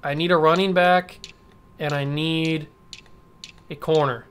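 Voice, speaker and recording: A man's voice: fairly high pitch, steady tone, measured pace, fairly bright tone, smooth. A young man hosting a gaming channel, giving gameplay commentary while frustrated with himself and muttering to himself. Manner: frustrated, self-scolding, talks to himself.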